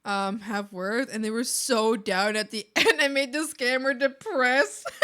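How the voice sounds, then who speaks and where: A woman's voice: fairly high pitch, a little slow, sharp tone. A woman art streamer chatting casually with her viewers, telling stories with frequent laughter and acting out the people in them. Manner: laughs often, acts out the other side in her stories. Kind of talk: casual chat while drawing on stream.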